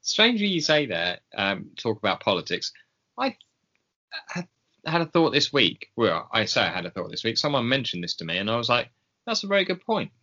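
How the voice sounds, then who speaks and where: A man co-hosting a podcast in casual chat, wry and quick to laugh. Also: mid-range voice. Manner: wry, laughing, animated when opinionated. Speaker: podcast co-host. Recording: dull lo-fi podcast audio.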